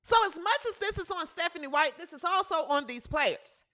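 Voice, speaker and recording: A woman's voice: very high-pitched, animated, brisk, sharp tone. A woman hosting a sports talk show, ranting emphatically and repeating phrases for emphasis. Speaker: host. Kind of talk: sports commentary rant.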